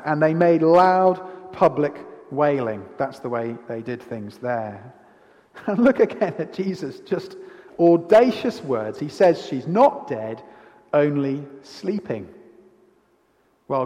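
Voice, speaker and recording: A man's voice: on the high side, a little mellow. A man preaching an expository sermon in a church, asking the congregation questions. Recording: reverberant church hall.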